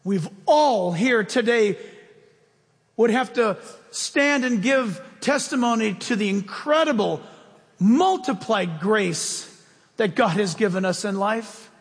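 A man preaching a sermon as pastor, telling stories with swings between loud bursts and hushed asides. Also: sits high, lively intonation, slow, big-room sound.

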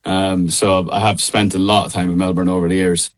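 An Irish man with a fairly low voice talks with easygoing looseness on a radio show. He laughs often and stumbles through restarts and fillers, sounding like he is joining over a call. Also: flat delivery, brisk. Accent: Irish, middle of Ireland. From Ireland. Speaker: guest singer. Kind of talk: casual radio interview chat. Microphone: call line.

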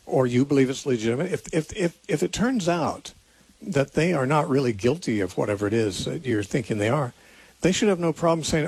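A man talks through a listener's question on a call-in radio show, earnest and unscripted, often restarting his sentences as he thinks aloud. His voice is husky and slightly breathy, and it sits close to a studio microphone in a dry, dead room with no echo. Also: medium pitch, animated, brisk, a little mellow. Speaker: radio call-in host answering Bible questions.

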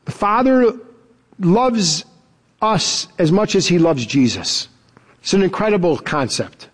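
A man preaching a sermon as pastor, emphatic and animated, chuckling now and then. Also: sits high, measured pace.

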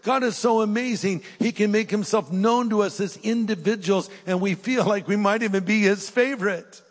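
An older man delivering a sermon, his slightly raised voice swinging from urgent appeals to soft prayer. The sound carries a long reverb from a large church hall. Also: high voice, normal speed. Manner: earnest, dynamic swings from loud urging to hushed prayer. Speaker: pastor. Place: large church auditorium with live audience.

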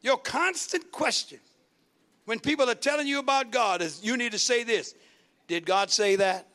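A man preaching to his congregation in a strikingly high, bright voice. He fires questions at the pews and climbs into shouted, repeated runs. It sounds like a full church service. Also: expressive, normal speed. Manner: call-and-response preaching, rising to shouts. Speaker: pastor. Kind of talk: sermon.

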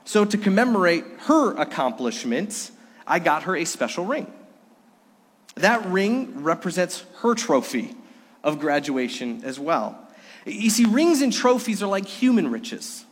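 Earnest pastor preaching in a reverberant hall. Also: male voice, high-pitched, very animated, unhurried, slightly rough. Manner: earnest, swings from loud to hushed. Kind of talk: sermon. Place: church sanctuary during a worship service.

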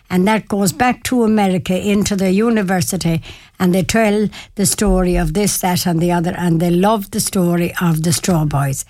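A woman's voice: mid-range voice, dry recording. Older Irish woman with a Mayo accent, chatty storyteller who laughs often, dry close recording. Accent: Irish, County Mayo. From Ireland. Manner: chatty, warm-hearted, repeats herself, laughs often. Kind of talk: casual storytelling.

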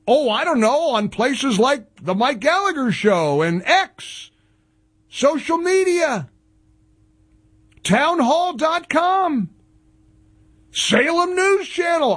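Sarcastic high-voiced man hosting a talk show. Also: a bit bright. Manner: sarcastic, mocking. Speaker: radio talk show host. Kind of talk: sarcastic political commentary.

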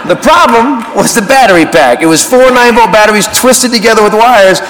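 A man doing animated stand-up storytelling, acting out voices and sounds on a comedy club stage. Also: high-pitched, fairly quick, rough recording. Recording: live club, loud crowd laughter and noise.

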